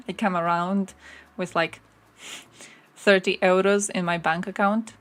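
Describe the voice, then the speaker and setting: A young woman from Croatia talks casually on her live stream, reacting to what she reads. She is sarcastic and swears freely. Her voice sits a little low for a woman. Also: steady tone, unhurried.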